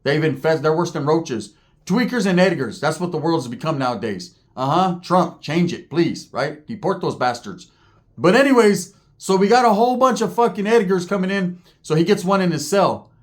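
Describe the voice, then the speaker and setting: A man's voice: a little high, animated, normal speed. A man vlogging, telling comic stories in slangy, cursing talk and often asking the listener for agreement. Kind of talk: profane comic storytelling.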